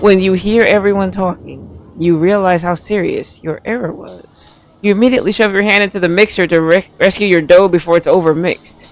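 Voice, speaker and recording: A man's voice: high-pitched, moderate pace, few pauses. A man casually commenting on a game playthrough, reading the on-screen text aloud and cracking playful jokes. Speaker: game streamer.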